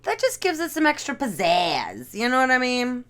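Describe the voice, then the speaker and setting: A woman's voice: high-pitched, sing-song, moderate pace, hardly any pauses, a bit bright, clean tone. A young adult woman giving a casual, encouraging art lesson from her living room, chatting while she draws. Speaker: art instructor.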